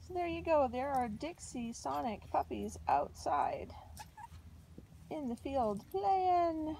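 A woman's voice: high voice, expressive, unhurried, darkish tone, slight background noise. A woman filming her puppies outdoors in a field, narrating casually and cooing to them in baby talk, recorded on a handheld camera. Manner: coos and sing-songs to the puppies. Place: outdoors in a field by a puppy pen.

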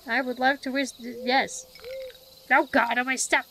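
High-voiced woman streamer reading game lines. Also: unhurried, pushed and bright, faint music behind. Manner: reads lines with playful reactions. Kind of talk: reading game dialogue aloud.

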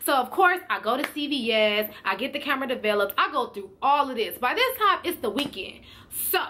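Sex: female. Role: vlogger. Style: animated storytime, slangy, addressing viewers. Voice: high. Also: fairly quick, slight background noise. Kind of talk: storytime vlog.

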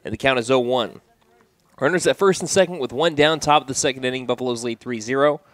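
A man calling a high school baseball game on local radio, steady and conversational, with his voice jumping up on strikeouts and big plays. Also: fast talker, no echo. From United States. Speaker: play-by-play radio announcer. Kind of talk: baseball play-by-play commentary.

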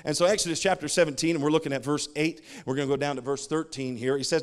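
A male pastor in his thirties delivers a relaxed sermon, slipping into humorous stories about his family and chuckling at his own punchlines. His voice sits a little higher than most men's. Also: fast talker, hardly any pauses, clear, resonant tone. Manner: jokey storytelling, laughs at his own stories.

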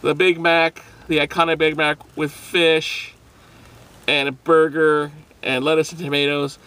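An upbeat man hosts a casual food review vlog, rambling cheerfully between bites. His voice sits a little high for a man and rings bright and forceful. He laughs often and talks loosely into a camera mic. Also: flat delivery, measured pace, clear, resonant tone.

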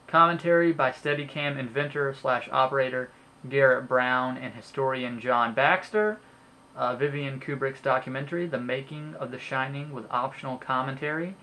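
A man's voice: mid-range voice, sharp tone, slight background noise. A young man talking casually about his purchases in a haul video, rambling and chatty, full of ums and uhs, and stumbling over names as he goes. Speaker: home video collector showing his purchases.

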